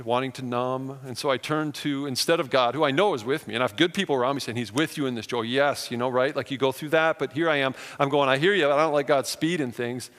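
A man's voice: mid-range voice, gravelly, a bit bright. A man, a pastor, preaching a sermon and telling personal stories in an earnest manner. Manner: earnest, personal storytelling with rising emphasis. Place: church sanctuary. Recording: long reverb of a church hall.

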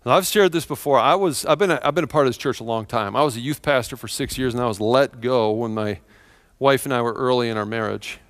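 A man's voice: mid-range voice, quick pace, a bit bright, dry recording. A middle-aged man preaching a sermon to his church, earnest and emphatic, repeating phrases for effect. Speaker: pastor. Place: church sanctuary.

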